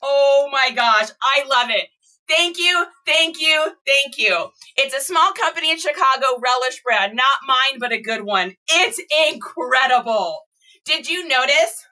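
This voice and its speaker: Gushing high-voiced woman vlogger. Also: a little slow, distant mic. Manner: gushing, excitable, squeals and laughs. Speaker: reseller vlogger. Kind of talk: casual unboxing chat to viewers.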